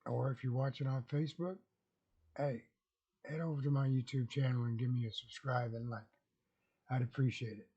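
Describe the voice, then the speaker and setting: A man's voice: mid-range voice, fairly even intonation, normal speed, long pauses, mellow, slightly rough, muffled recording. A man vlogging casually, rambling folksily and chuckling at his own jokes. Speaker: YouTube vlogger.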